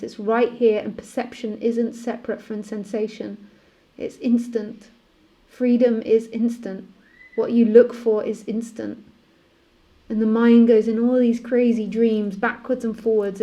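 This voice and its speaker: Woman, teacher type, higher, mellow tone, calm repetitive delivery. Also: measured pace. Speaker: spiritual teacher. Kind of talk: live-streamed one-on-one session.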